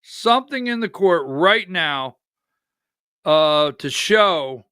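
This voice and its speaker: A man's voice: on the high side, animated, takes it slowly, pushed and bright, clean tone, dry recording, clean studio sound. A man hosting a live political commentary show, agitated and exasperated, calling out instructions to his producer between remarks. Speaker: political talk show host.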